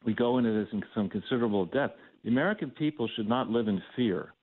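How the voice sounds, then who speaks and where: A man's voice: mid-range voice, animated, fast talker. A man calling in as a talk radio guest, talking in a roundabout way with frequent fillers. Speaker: phone-in guest. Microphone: telephone. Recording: tinny phone line.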